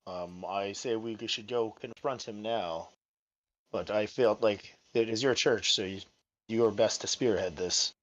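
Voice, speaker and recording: Hesitant, soft-spoken male player. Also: lowish voice, unhurried, dull audio. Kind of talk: casual in-character speech at a game table.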